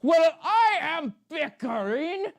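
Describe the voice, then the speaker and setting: A woman doing a slow gravelly old man. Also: high voice, big pitch swings, pitched above the performer's own voice, exaggerated voice. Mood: rambling. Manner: rambling, mumbling, confused. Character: sleepy rambling old man contestant. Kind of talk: comic puppet-show acting.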